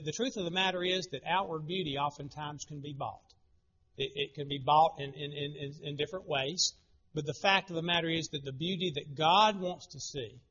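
A middle-aged man gives an earnest sermon in a bright, forceful voice pitched a little high. He often repeats a word as he starts a phrase. The recording sounds dull and lo-fi. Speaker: preacher.

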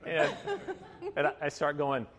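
A man's voice: a little high, fairly even intonation, measured pace, background noise. A man in his fifties, a pastor preaching a sermon, telling a personal story in a chatty way with many fillers and laughing asides. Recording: long hall reverb.

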